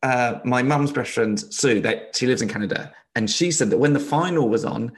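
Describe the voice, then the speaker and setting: A man's voice: medium pitch, normal speed. A man, co-hosting a podcast in casual chat, talking loosely with lots of likes and restarts. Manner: chatty, many likes and restarts. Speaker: podcast co-host.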